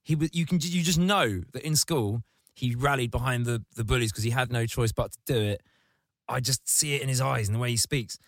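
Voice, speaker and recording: A man hosting a podcast, ranting comedically in casual chat and jumping into mocking high squeaky voices. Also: fairly quick, no room sound, clean studio sound. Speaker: podcast host.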